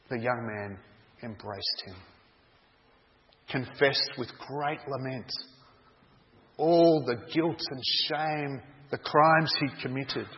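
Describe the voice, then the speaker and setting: A man preaching a sermon, telling a story in a dramatic, deliberate way. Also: mid-range voice. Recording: dull echoey hall sound.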